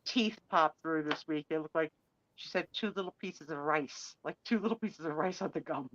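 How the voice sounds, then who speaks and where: A woman's voice: low-pitched, normal speed, a crowd in the background. A woman hosting a casual live-stream chat, telling stories with animation. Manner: animated storyteller. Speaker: host. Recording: dull, dry sound.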